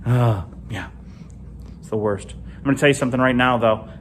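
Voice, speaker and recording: A middle-aged man from Illinois doing an animated stand-up comedy set alone in an empty comedy club, with punchy delivery and big jumps in pitch. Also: rapid-fire, slight background noise.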